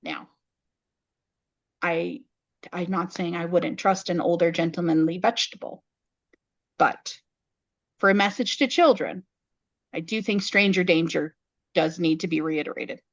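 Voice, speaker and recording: A woman co-hosting a podcast in casual chat, recapping a story in detail with wry, deadpan asides. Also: lowish voice, unhurried, long pauses, no room sound. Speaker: podcast co-host. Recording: dull lo-fi podcast audio.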